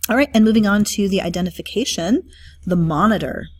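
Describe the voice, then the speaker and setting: A woman's voice: mid-range voice, fairly quick, no echo. A woman teacher talking through a study guide review, explaining terms with frequent um and uh fillers.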